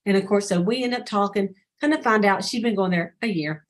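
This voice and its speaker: A woman talks casually to her sales team over a video call. She strings stories together and slips into the voices of the people she quotes. Her pitch sits in an ordinary middle range. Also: brisk. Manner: chatty storyteller who acts out quoted dialogue.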